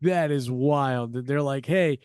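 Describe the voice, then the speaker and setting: A man's voice: fairly high pitch, animated, unhurried, no room sound, clean studio sound. A man co-hosting a podcast, reacting with amusement in casual chat. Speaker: podcast co-host.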